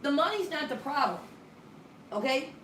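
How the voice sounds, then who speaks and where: A woman's voice: sits high, very animated, moderate pace, a bit bright. A woman ministry leader on a phone call, talking firmly and bluntly while pleading. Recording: roomy room, distant mic, faint noise.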